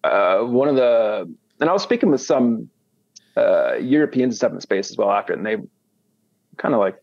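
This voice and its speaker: A man's voice: medium pitch, sing-song, normal speed, creaky, a little mellow, no room sound. An American man talking casually as an interview guest, rambling with many restarts. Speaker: guest, commodity trader. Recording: dull, dry sound.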